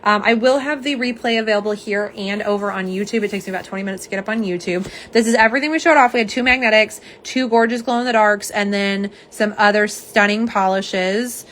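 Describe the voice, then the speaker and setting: A young woman hosting a casual live stream, slightly hoarse, chatty and self-deprecating as she talks to viewers. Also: medium pitch, fairly quick, hardly any pauses, fairly bright tone, slight background noise. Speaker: live stream host showing nail polish swatches.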